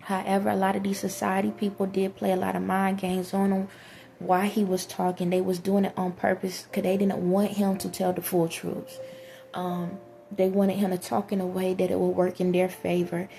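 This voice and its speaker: Low gravelly woman, flat earnest monologue. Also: normal speed, slight background noise. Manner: earnest, rambling, addresses viewers directly. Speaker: vlogger. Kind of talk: spiritual monologue to viewers.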